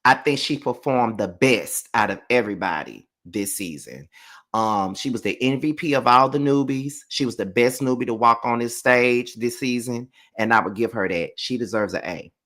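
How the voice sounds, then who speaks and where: A man's voice: medium pitch, expressive, normal speed, a bit bright. A man casually reviewing a reality show on his channel and grading each cast member. He talks loosely and bluntly, with plenty of ums. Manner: loose and chatty, hands out grades with frequent ums; blunt, candid opinions. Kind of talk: casual live review commentary.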